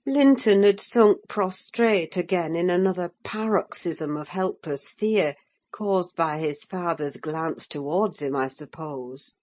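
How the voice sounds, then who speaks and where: A woman narrating an audiobook in the first person, measured and unhurried. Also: on the low side, darkish tone.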